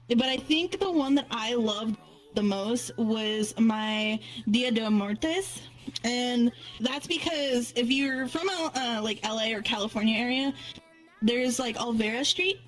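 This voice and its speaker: Woman, high-pitched, casual storytelling, swears a lot, faint music behind. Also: low-quality recording. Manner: swears freely, laughs through her stories. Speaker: guest answering questions. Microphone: headset in a social VR game.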